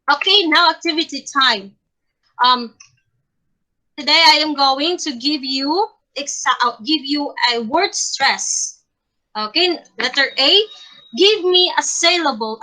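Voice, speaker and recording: A young Filipino English-accented woman leads a lesson in a high voice. She talks deliberately and keeps checking in with her students. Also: bright, forceful tone, rough recording. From Philippines. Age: young adult. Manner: deliberate, checks in often with okay. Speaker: teacher in a class role-play. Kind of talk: classroom teaching.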